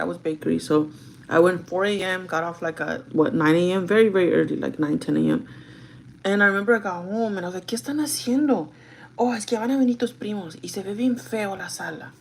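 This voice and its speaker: A young woman telling a story to her viewers in an animated, chatty way while getting ready. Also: fairly low pitch, creaky, slight background noise. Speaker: vlogger. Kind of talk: get-ready-with-me storytime chat.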